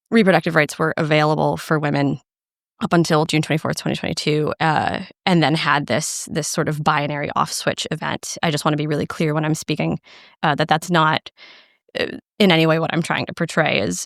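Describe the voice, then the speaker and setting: A woman in a podcast conversation, a guest researcher speaking earnestly and haltingly, at times emotional. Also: on the low side, creaky, no room sound, clean studio sound. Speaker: guest, law PhD researcher.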